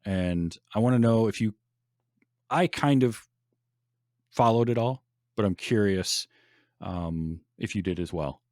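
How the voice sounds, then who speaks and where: Man, podcast host, low voice, dry close mic, enthusiastic, laughs a lot. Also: measured pace, long pauses, a little mellow, dry recording. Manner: enthusiastic, laughs often, many restarts. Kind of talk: casual chat.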